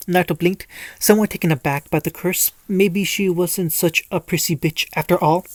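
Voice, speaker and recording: A narrator with a steady, medium-pitched voice reads a fan-fiction story aloud at a moderate pace, adding light character voices. The reading often stumbles and restarts, and the recording is dry.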